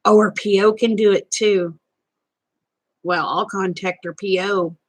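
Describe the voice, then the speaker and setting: A woman's voice: medium pitch, steady tone, a little slow. A woman chatting casually with viewers on a live stream, folksy and talkative. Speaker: vlogger.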